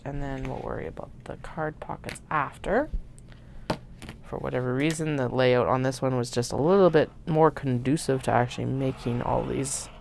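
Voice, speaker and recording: A woman hosting a craft livestream, chatting casually and muttering soft half-whispered asides to herself while she cuts fabric. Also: rumbling low, vocal fry, slight background noise.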